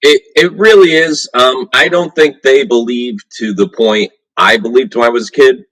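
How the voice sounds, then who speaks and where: A man, head writer and co-host of a comedy radio show, telling a childhood story in a relaxed, halting way. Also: mid-range voice, dry recording, poor audio. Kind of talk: casual comedy radio chat.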